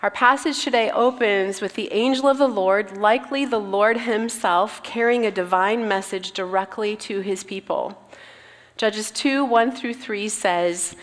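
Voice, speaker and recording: A woman's voice: medium pitch, a little slow, long reverb tail. A woman giving an earnest, reflective sermon, reading scripture aloud and explaining it. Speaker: Bible teacher.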